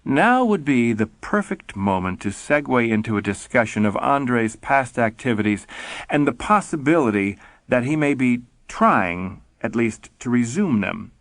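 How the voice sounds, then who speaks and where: A man reading an audiobook in a measured, wry storytelling manner. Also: mid-range voice, animated, no echo. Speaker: audiobook narrator. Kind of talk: scripted narration.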